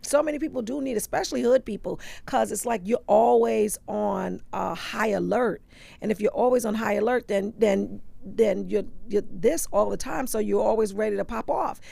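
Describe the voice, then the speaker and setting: Gravelly-voiced woman comedian chatting. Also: mid-range voice, moderate pace. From New York. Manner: animated storytelling, drops into quoted voices. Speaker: comedian guest. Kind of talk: casual podcast chat.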